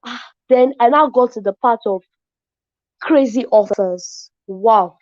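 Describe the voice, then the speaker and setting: A woman tells her story as an affiliate marketer in an excitable, casual way, often saying "as in". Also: on the high side, takes it slowly, no room sound. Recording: dull lo-fi, dry sound.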